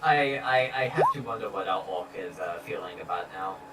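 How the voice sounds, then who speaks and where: A man playing a tabletop game, slowly musing out loud about what his character does. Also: deep voice, fairly even intonation, echoey room, far from the mic, loud music behind the voice, rough recording. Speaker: player.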